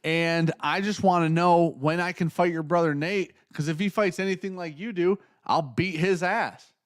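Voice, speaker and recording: A man's voice: high-pitched, fairly even intonation, moderate pace, voice pushed up, close to an everyday voice. A man voicing a brash male media guy who taunts and brags in a raised voice. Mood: taunting. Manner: boastful, taunting.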